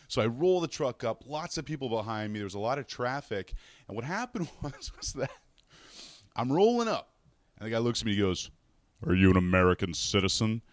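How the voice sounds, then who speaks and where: A Canadian man hosting a fantasy sports radio show from a hotel room, telling road stories in a chatty, animated way and acting out the people he quotes. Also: fairly low pitch, no room sound. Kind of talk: casual solo show, storytelling.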